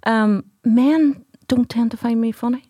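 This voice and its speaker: A woman's voice: fairly high pitch, unhurried, dark tone, breathy edge, no echo, clean studio sound. A woman, a podcast guest chatting casually, joking in a self-deprecating way. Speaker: guest, comedy writer. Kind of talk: casual chat.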